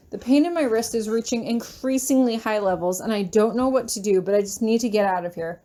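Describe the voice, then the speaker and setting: A woman reading a first-person fanfiction story aloud, with emotional, expressive delivery. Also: a little high, a little fast. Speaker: audiobook reader.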